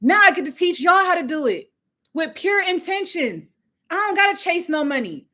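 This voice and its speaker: A young woman preaches hustle on a live stream, loud and fired up. Her voice sits high and bright, with a forceful edge. She laughs often between points. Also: big pitch swings, normal speed. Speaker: host of a live coaching stream. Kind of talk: live motivational talk. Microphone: phone or webcam at home with ring light.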